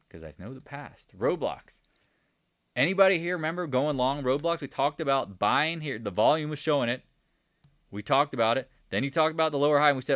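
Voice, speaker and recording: A man hosting a live market commentary stream, talking in a blunt, animated, sarcastic way. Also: mid-range voice, fairly quick, no room sound, studio quality. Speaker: host of a trading channel.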